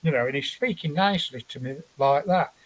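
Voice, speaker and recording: A man's voice: fairly high pitch, brisk. A man, a guest telling a long story in a rambling, profane way and acting out what others said. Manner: rambling, profane, acts out quotes. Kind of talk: animated storytelling in a chat show.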